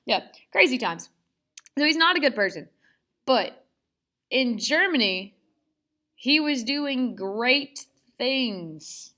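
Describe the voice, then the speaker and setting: A woman's voice: sits high, animated, slow, pauses often, pushed and bright. Chatty, sarcastic woman teacher. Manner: chatty, sarcastic asides, lots of "like". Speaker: history teacher. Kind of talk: casual classroom lecture.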